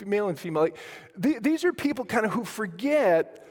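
High-voiced man preaching in a reverberant hall. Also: sing-song, brisk, a little mellow. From Colorado, USA. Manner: storytelling with self-deprecating humor, many restarts. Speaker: pastor. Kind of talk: sermon.

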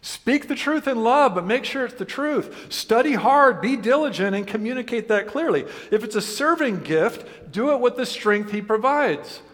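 A male pastor preaches in a conversational style, asking the congregation questions and adding humor, with hardly any pauses at a moderate pace. His high voice has lively intonation and a bit of brightness, heard amid the long reverb of a large hall.

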